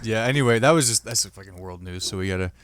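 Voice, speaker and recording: A man's voice: lowish voice, fast, fairly bright tone. A young man co-hosting a podcast in casual chat, laughing often and swearing as he jokes. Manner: laughs a lot, swears, jokey. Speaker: podcast co-host.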